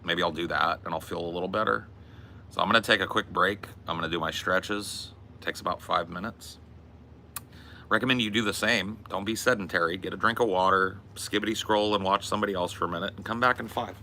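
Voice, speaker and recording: Deep gravelly young man rambling. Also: steady tone, fairly quick, sharp tone, a little hiss or hum. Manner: loose, rambling, sprinkled with laughs and filler. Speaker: live streamer answering chat. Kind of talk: casual rambling chat. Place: outdoors in hot weather.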